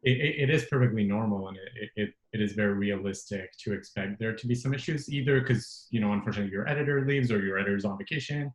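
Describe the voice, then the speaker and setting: A man hosting a webinar round table, calmly explaining over a video call. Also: lowish voice, quick pace, hardly any pauses. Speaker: host. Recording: echoey room.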